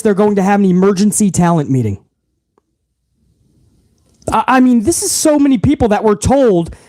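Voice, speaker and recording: A man's voice: extremely high pitch, a little mellow. A man hosting a wrestling vlog, ranting in heated, profane commentary.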